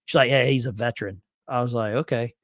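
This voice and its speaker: A man's voice: mid-range voice, quick pace, dry recording, clean studio sound. A man co-hosting a casual veterans' live stream, telling stories and acting out the people in them. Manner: animated, acts out quoted voices. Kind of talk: casual storytelling chat.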